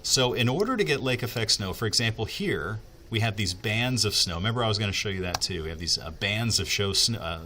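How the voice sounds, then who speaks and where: A man's voice: on the low side, expressive, a little fast, few pauses, bright, forceful tone, a little hiss or hum. A man working as a TV meteorologist, explaining the weather in a casual, chatty way, with asides and fillers as he thinks aloud.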